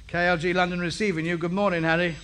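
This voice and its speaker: A man's voice: high-pitched, flat delivery, quick pace, lightly acted. A man playing a grumbling, sardonic radio ham in a 1950s radio sitcom. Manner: grumbling, sardonic comic delivery. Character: grumbling middle-aged male radio ham. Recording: noisy old radio sitcom recording.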